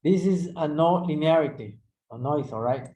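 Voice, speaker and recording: First-language guy lecturing, kinda high voice, keeps saying all right?, echoey room. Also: moderate pace, warm tone. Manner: conversational, repeats "all right?" to check understanding. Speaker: instructor. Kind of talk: technical lecture.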